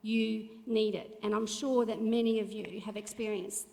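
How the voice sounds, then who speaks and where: A woman's voice: mid-range voice, flat delivery, normal speed, creaky, darkish tone. A middle-aged woman sharing a heartfelt, chatty testimony from a church stage. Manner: chatty, heartfelt storytelling with fillers. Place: church auditorium. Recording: long reverb of a church hall.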